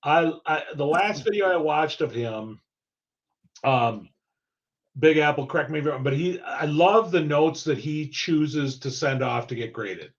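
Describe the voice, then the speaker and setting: A man's voice: a little high, animated, unhurried. Talkative man on a dull, lo-fi line. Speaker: guest on a coin collecting stream. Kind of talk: casual chat.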